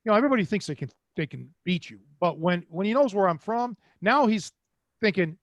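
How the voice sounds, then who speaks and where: A man's voice: high-pitched, lively intonation, a little fast, dry recording, highs cut off. An older man from Cleveland, hosting and telling rambling, streetwise stories in a casual way. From Cleveland, Ohio. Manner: rambling, streetwise, quotes others in voices. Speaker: host. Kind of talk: casual storytelling.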